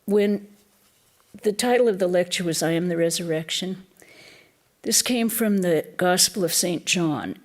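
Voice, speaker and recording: A woman, a nun, giving a reflective Easter lecture in a temple, pausing often and restarting her phrases. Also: lowish voice, a little mellow. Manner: slow and reflective, with pauses and restarts.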